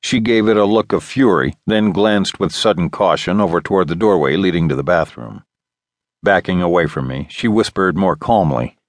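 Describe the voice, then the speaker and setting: A man's voice: low-pitched, moderate pace, no room sound. A man narrating an audiobook in the first person, in a wry storytelling manner. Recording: dry studio booth.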